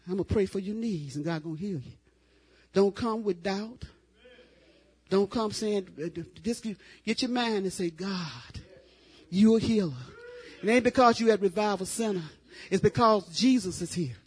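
Husky, fervent older woman preacher. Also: mid-range voice. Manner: folksy, testifying, rising to loud fervent exclamations. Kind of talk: revival sermon.

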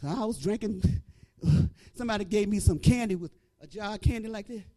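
A middle-aged woman preacher giving an animated testimony, breaking into praise and shouting at the peaks. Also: medium pitch, fairly quick. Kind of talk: testimony sermon.

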